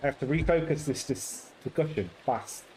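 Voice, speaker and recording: A man's voice: on the high side, moderate pace, a little mellow, a little hiss or hum, rough recording. A man hosting a playthrough, reading a story game aloud with wry, playful asides. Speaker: let's play host.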